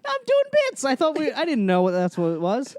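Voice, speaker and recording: A young man hosting a casual podcast, telling deadpan stories and laughing often. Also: very high-pitched, brisk, no echo, clean studio sound. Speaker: podcast host. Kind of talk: casual chat.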